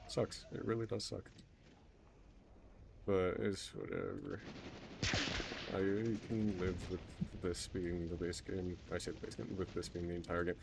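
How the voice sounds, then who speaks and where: A deep-voiced man chatting loosely while he plays, wandering off mid-thought and poking fun at himself. A faint hiss sits under his voice. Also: level tone, measured pace, gravelly, pauses often. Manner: rambling, self-mocking, trailing off mid-sentence. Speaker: game streamer. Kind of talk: casual gameplay commentary.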